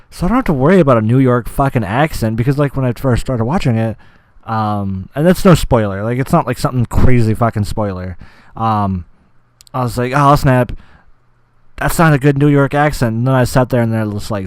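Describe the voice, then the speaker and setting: Young man, podcast host, rambling casual chat, enthusiastic, swears a lot, mid-pitched voice, dry close-mic sound. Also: darkish tone, no echo.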